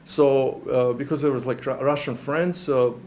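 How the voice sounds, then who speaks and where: A middle-aged man from Serbia, giving a personal testimony in an interview. He talks in a halting, earnest way with many restarts. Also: mid-range voice, steady tone, a little mellow, slight background noise.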